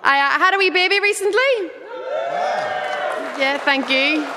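A woman in her thirties with a Derry accent, delivering a lively stand-up comedy set. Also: high-pitched, unhurried, long reverb tail, some chatter behind. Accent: Northern Irish (Derry). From Northern Ireland. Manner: lively, punchy joke delivery. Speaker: comedian guest.

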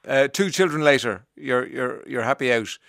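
A man's voice: medium pitch, normal speed, creaky, fairly bright tone, no echo, clean studio sound. A man with an Irish accent hosting a radio show, chatting casually and teasing callers, with frequent fillers. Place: radio studio.

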